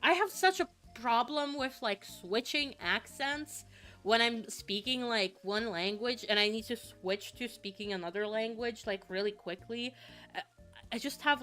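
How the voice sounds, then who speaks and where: A woman's voice: mid-range voice, fairly bright tone. Sniffly young woman streamer, chatty. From Finland. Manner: rambling, chatty, with frequent fillers and sudden swearing. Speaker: vtuber streamer. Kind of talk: casual gaming stream chat.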